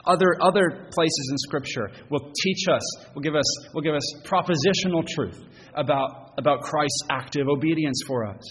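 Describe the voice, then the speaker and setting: A man preaching a sermon as pastor, earnest and halting, often repeating words as he goes. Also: a little high, fairly bright tone, husky. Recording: long church reverb, faint noise.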